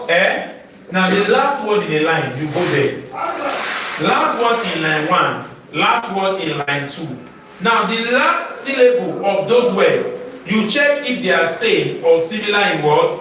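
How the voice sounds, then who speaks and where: A man's voice: high voice, lively intonation, moderate pace, a crowd in the background. A man teaching literature to a live class, firing questions that end in "what?" for the students to answer. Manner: call-and-response questioning, repeating "what?". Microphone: far from the mic. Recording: echoey room, distant mic, audible class.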